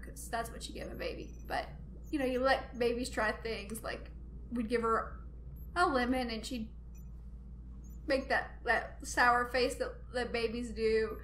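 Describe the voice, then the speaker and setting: A woman host telling a funny family story in a chatty, animated way, laughing often. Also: fairly high pitch, echoey room, slight background noise. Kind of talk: casual storytelling monologue.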